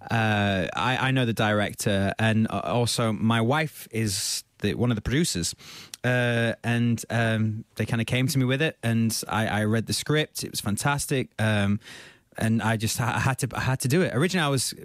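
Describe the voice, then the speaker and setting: A man's voice: on the low side, moderate pace, dry recording, clean studio sound. Hesitant male actor guest. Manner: hesitant, many ums and uhs. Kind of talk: radio interview. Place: radio studio. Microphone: studio microphone.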